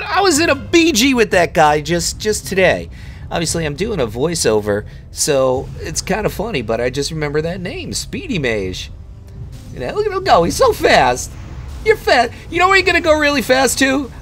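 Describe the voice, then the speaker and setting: A man's voice: mid-range voice, a bit bright, slight background noise. A man recording voiceover commentary over his gameplay, joking and taunting the players he fights.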